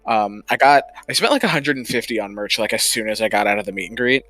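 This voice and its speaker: Bright-voiced man rambling casually. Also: fairly low pitch, animated, fast, no echo, faint music behind. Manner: rambling, chatty, swears freely. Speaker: livestreamer. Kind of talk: casual chat.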